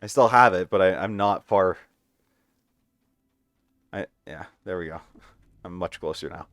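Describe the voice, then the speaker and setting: Casual gamer husband, low voice, dry close mic, deadpan humor. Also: male voice, measured pace, long pauses, dry recording. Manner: wry, deadpan jokes. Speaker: gamer playing with his wife. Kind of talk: casual let's-play chat. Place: home.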